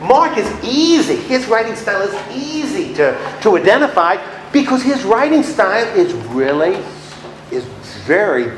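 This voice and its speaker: Male Bible teacher, high-pitched, chatty and playful, recorded in an echoey room. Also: sing-song, normal speed, slight background noise. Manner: chatty, playful, acts out little scenes with laughs. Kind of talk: casual Bible class lecture. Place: room with a class.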